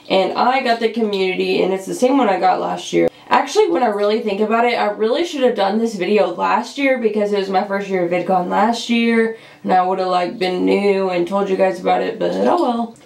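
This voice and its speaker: A young woman with a Californian accent, chatting casually in a vlog while sick and rough-voiced. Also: medium pitch, darkish tone, reverberant. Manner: chatty, uses "like" and "um" a lot. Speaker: vlogger.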